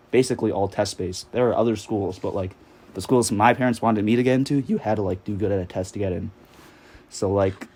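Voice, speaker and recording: A man's voice: on the low side, dark tone. A man in his twenties from New York, telling a story in a rambling, casual way, full of fillers and swearing while he plays a game. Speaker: vlogger.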